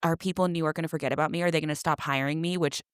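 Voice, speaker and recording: A woman's voice: low-pitched, steady tone, rapid-fire, smooth, no echo. Woman, podcast co-host, chatty storyteller, dry close sound. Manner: chatty, dramatic storytelling with acted-out quotes. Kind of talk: casual chat.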